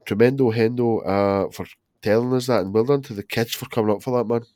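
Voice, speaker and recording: A man in his thirties, bantering on a podcast with plenty of swearing and laughs. His voice is mid-pitched and recorded dry and close, with no room echo. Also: fairly even intonation, fairly quick, dark tone. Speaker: podcast co-host. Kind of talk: casual chat.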